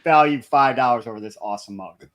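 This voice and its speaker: A man's voice: medium pitch, quick pace, a bit bright. A man co-hosting a podcast, telling a story in an offhand, dry way during casual banter. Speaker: podcast co-host.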